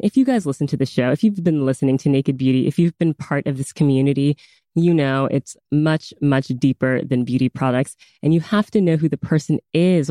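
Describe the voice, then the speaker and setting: A woman's voice: deep voice, dark tone, no echo, clean studio sound. A woman hosting a podcast, chatting enthusiastically in a casual, rambling way as she introduces a guest. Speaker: podcast host.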